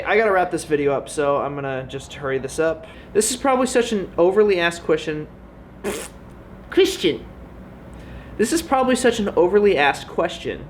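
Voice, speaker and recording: A young man chatting casually in a Q&A vlog, goofy and animated, now and then breaking into loud high-pitched yelps. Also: a little hiss or hum. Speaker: vlogger.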